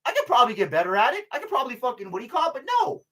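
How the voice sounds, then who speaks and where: A man's voice: extremely high pitch, very animated, racing, fairly bright tone. Profane rambling older man. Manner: profane, rambling, many fillers and restarts; laughs between remarks. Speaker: vlogger. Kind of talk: casual rambling monologue.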